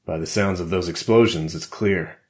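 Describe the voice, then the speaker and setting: A man's voice: low-pitched, moderate pace, natural voice. A man voicing a hardened ex-intelligence operative in a thriller audiobook, clipped and matter-of-fact. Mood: grim. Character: hardened male ex-CIA operative, grim and cold.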